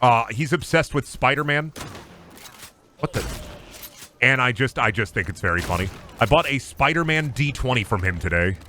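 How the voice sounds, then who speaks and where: A man's voice: mid-range voice, lively intonation, normal speed, pushed and bright, slight background noise. A young adult man streaming a game, chatting in a rambling, profane, joking way. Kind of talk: casual livestream chat.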